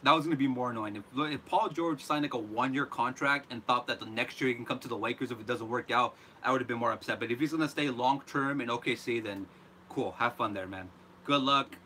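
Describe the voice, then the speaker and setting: Bright-voiced man ranting animatedly. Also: mid-range voice, fairly quick, slight background noise. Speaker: host. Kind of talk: live reaction rant.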